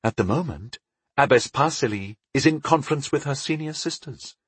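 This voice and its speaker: A man's voice: medium pitch, animated, moderate pace, a bit bright, breathy edge, dry recording, pitched above the performer's own voice. A man reading an audiobook voices a young female temple novice who speaks politely and hesitantly. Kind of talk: audiobook character voice.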